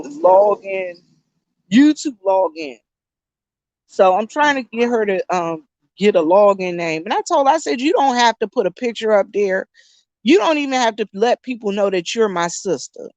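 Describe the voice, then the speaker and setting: A woman's voice: mid-range voice, no echo. A woman around fifty, chatting casually to her viewers, telling a story with frequent laughter and calling them y'all. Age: 50s. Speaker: YouTube vlogger.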